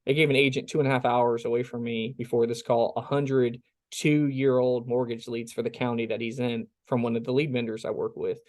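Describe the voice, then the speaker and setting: Sales team lead, male, mid pitch, folksy and chatty, acts out his calls, dry and close. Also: level tone, fairly quick, hardly any pauses, darkish tone, no room sound. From South Carolina. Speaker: insurance sales team leader. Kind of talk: casual sales coaching on a team call.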